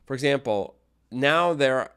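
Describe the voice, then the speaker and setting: A man teaching an English grammar lesson, explaining phrases in a relaxed way with fillers and small restarts. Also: mid-range voice, measured pace, clean tone.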